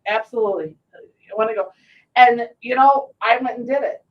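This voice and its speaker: A middle-aged woman hosting a casual talk show, telling stories with lively acted-out quotes. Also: a little high, normal speed. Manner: animated storyteller, acts out quotes. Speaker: host. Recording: distant muffled mic.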